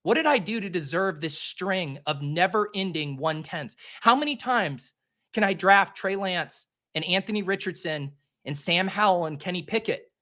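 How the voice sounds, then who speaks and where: Animated young man, bright forceful voice. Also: high-pitched, moderate pace, few pauses. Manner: theatrical, exasperated self-mockery. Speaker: fantasy football host. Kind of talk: casual solo commentary while drafting.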